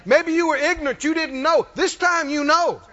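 A man's voice: very high voice, steady tone, moderate pace, bright, forceful tone. A man preaching a sermon with emphatic delivery, reading scripture and acting out quoted voices. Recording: muffled hall recording.

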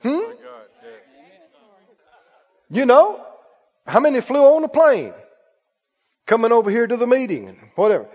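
High-voiced man preaching in an echoey hall. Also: moderate pace, slightly rough. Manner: animated, calls for responses, acts out worried voices. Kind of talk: sermon. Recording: dull echoey hall recording.

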